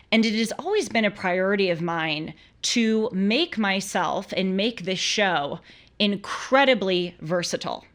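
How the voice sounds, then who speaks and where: A young woman hosting a live call-in show, chatting casually and laughing easily. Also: medium pitch. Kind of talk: casual live-stream talk.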